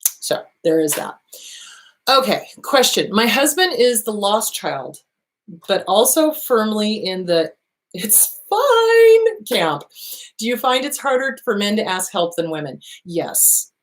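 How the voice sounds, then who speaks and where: Blunt, animated woman therapist. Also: medium pitch, measured pace. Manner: blunt, animated, swears freely, reads questions aloud. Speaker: therapist answering viewer questions. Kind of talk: casual advice talk show.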